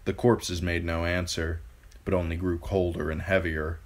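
A man with a very deep, low voice reads a fantasy novel aloud like an amateur audiobook narrator, going slowly and deliberately with a flat delivery.

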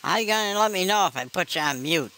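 A woman's voice: on the low side, animated, quick pace, bright, forceful tone. A woman voicing a cranky, foul-mouthed older man on a prank phone call, impatient and swearing. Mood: furious. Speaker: scam baiter.

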